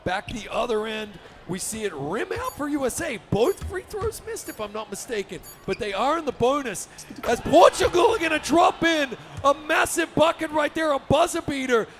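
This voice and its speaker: A man giving energetic, upbeat play-by-play for a basketball video game tournament, often shouting the big plays. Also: very high voice, normal speed, music in the background. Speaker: esports commentator.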